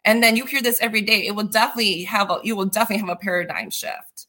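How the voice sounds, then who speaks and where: A woman's voice: medium pitch, fairly even intonation, racing, bright, forceful tone. A woman talking earnestly in a casual chat, urging listeners to change their mindset, with frequent restarts. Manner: earnest, repetitive restarts, preachy encouragement. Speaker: guest.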